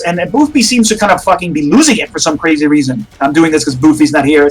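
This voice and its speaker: A man's voice: high voice, huge pitch swings, fairly quick, fairly bright tone, poor audio. A man running a tabletop horror game as game master, narrating in a rambling way with many restarts.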